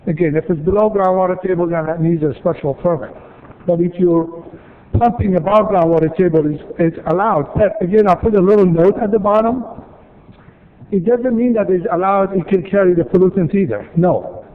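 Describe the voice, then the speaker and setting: A man's voice: high voice, fairly quick. A man from city staff presenting at a council meeting, explaining rules step by step with repeated points and dry asides. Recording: tinny, phone-like archive audio.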